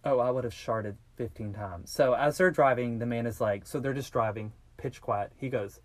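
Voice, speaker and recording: A man telling a crime story on a podcast, casual and lively, with loose swearing. His voice sits at an ordinary middle pitch and sounds close and dry, with no room around it. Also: brisk, no echo. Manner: animated, swearing, acts out quoted voices. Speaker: podcast host.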